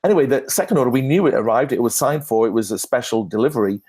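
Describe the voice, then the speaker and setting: Speaking very fast in a husky, middle-pitched male voice, a branding expert fields questions on a conference stage. His Q&A talk is anecdotal and animated; he pokes fun at himself, frequently restarts sentences, and laughs at his own jokes.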